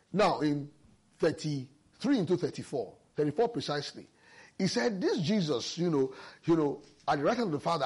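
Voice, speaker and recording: A man's voice: fairly high pitch, husky. A man preaching a sermon, explaining scripture with emphasis and personal stories. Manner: lively, emphatic Bible exposition with personal stories.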